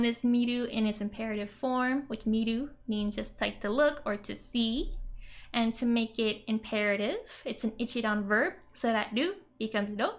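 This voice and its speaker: A woman's voice: a little high, creaky. A woman explaining Japanese grammar in a casual lesson, chatty and giggly, with many "like" and "um" fillers. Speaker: Japanese language teacher.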